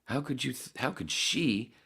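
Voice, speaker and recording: A man's voice: medium pitch, normal speed, creaky, husky. A man hosting a podcast, telling a rambling, profane story in casual chat. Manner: profane, rambling, animated when acting out the story. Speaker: podcast host.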